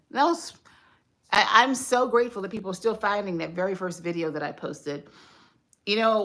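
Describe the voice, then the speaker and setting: The livestream host here is a woman whose voice sits on the low side with a fairly bright tone. Casual and reflective, she talks her thoughts through at home, frequently dropping in fillers.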